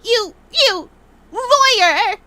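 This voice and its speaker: Woman doing a bratty, shrill young woman witness; snippy and whiny, very high. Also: animated, extremely slow, noisy background, full character voice. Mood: furious whiny.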